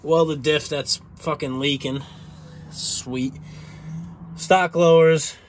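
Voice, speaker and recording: A garage vlogger with a higher-leaning voice and fairly even intonation talks slowly, giving a casual, rambling tour of his car in a small home garage. He swears freely, and a little hiss or hum is audible.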